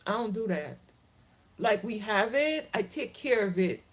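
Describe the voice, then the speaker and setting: A woman's voice: mid-range voice, expressive, a little slow, low-quality recording. A middle-aged woman from the Caribbean islands with a Caribbean accent mixed with Southern US, chatting casually to her viewers outdoors in a rambling way and laughing often. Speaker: lifestyle vlogger. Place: outdoors, then heading home.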